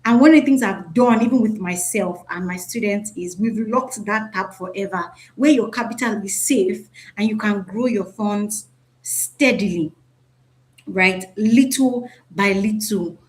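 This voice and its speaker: A woman's voice: mid-range voice, measured pace. A woman teaching a live online class over a video call, chatty and often checking in with "right?". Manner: chatty, repeats "right?", asks the audience.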